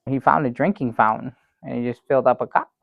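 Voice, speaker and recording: Guy doing an oblivious sad-sack storyteller, gravelly voice, rambly and earnest, muffled dry sound. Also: mid-range voice, quick pace, no echo. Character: naive sad-sack man, middle-aged, earnest and oblivious. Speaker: comedy sidekick telling a story. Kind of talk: improvised sketch comedy banter.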